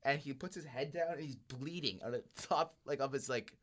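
A man's voice: mid-range voice, fairly quick. A young man hosting a podcast, telling a story casually and acting out the people in it, laughing often. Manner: animated, acts out voices, laughs often. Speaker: podcast host.

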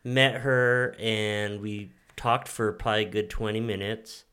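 A young man co-hosts a laid-back podcast, talking in a playful, teasing way. His delivery is relaxed and conversational. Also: lowish voice, unhurried, clean tone. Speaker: podcast co-host. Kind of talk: casual chat.

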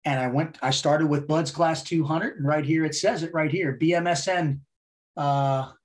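A man's voice: a little high, fairly even intonation, moderate pace. Blunt, profane middle-aged man telling a story. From United States. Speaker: podcast guest. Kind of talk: casual storytelling interview.

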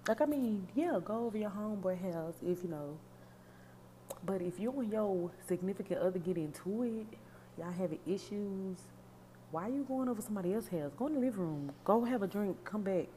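A woman hosting a podcast, giving sassy, animated, profane commentary on song lyrics. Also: medium pitch, a little fast, a little hiss or hum. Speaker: podcast host.

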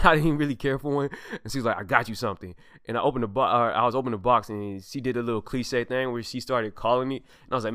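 A man's voice: medium pitch, a bit bright, smooth, dry recording, clean studio sound. A young man hosting a podcast, telling heartfelt personal stories in a casual, emphatic way with loose slang, acting out quoted lines. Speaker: podcast host.

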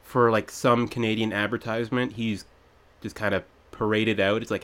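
A man's voice: fairly low pitch, flat delivery, moderate pace, fairly bright tone. A man co-hosting a podcast, chatting casually and wryly as he picks apart a movie. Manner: wry, critical, rambling asides. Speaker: podcast co-host. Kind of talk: casual film review chat.

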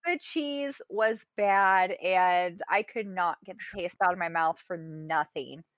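A woman's voice: fairly low pitch, takes it slowly, a bit bright, dry recording. Casual woman co-host, dry dull sound. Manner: casual storytelling with swearing. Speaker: podcast co-host. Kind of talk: casual podcast chat.

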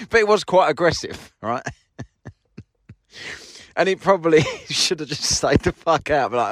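A man tells a story in a lively, swooping voice, mocking and full of swearing as he acts out both sides of a quarrel. He sits in his parked car, and the sound is close and dry. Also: on the high side, dry recording. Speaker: podcast host. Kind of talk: casual storytelling monologue.

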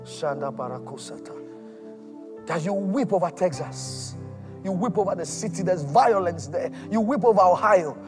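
Male preacher, high voice, fervent and repetitive, soft music underneath. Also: normal speed. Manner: impassioned, repetitive, swings from loud to hushed. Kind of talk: sermon.

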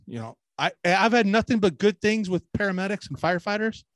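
A man's voice: sits high, animated, a little fast, a bit bright, no room sound. A man with a slightly raised voice rambles through crude stories on a casual podcast, swearing freely. He slips into the voices of people he quotes. The sound is dry and close. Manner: profane, rambling, mimics people in quoted asides. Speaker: podcast co-host.

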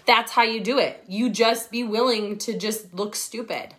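A woman's voice: fairly high pitch, moderate pace, a bit bright. A woman coaching her team on a livestream from her phone, talking in a blunt, profane, fired-up way. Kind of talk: livestream pep talk.

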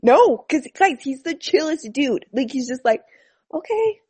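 A woman in casual conversation with friends, animated and laughing often, with a slightly husky voice. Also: sits high, moderate pace. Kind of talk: casual chat.

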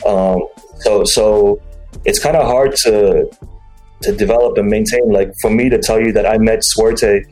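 Low-voiced man rambling casually. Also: fairly even intonation, unhurried, darkish tone, soft background music, rough recording. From mixed English and Chinese, raised abroad. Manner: rambling, frequent restarts and fillers, slangy. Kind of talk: casual podcast conversation.

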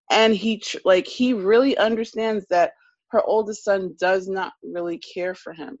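A woman's voice: medium pitch, steady tone, normal speed, dry recording, highs cut off. A woman co-hosting a podcast, chatting casually and emphatically as she recaps a reality TV episode. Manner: chatty, emphatic, trails off and restarts. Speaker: podcast co-host.

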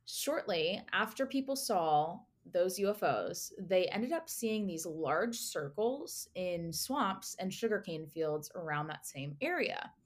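A woman's voice: lowish voice, animated, slow, hardly any pauses. A young woman co-hosting a casual podcast, telling a story in a chatty, giggly way, full of fillers and asides. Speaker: podcast co-host presenting the topic.

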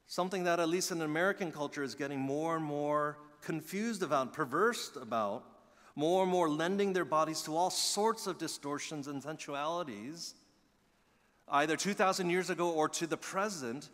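A middle-aged male pastor preaching a sermon, telling stories with animated emphasis and dropping to quiet asides. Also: a little high. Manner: animated storytelling, swings between loud emphasis and quiet asides. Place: church sanctuary. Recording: long reverb of a church hall.

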